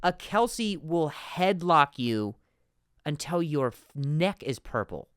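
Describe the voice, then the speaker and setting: A man hosting a comedy podcast, ranting in an animated monologue with frequent stutters and asides. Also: fairly high pitch, slow pace, clean tone, no echo, studio quality.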